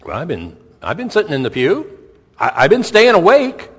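A man's voice: high-pitched, wildly swooping pitch, normal speed, a bit bright, slightly rough, voice pushed up, exaggerated voice. A man playing a sheepish churchgoer who stammers out weak excuses, in a big hall with a long echo. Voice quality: hesitant, stammering.

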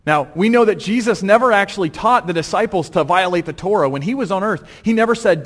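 A pastor preaches with animation and acts out scenes in character voices. His voice sits fairly high for a man and rings with a long echo through a church sanctuary. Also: lively intonation, fast, hardly any pauses. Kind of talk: sermon. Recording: long hall reverb, church.

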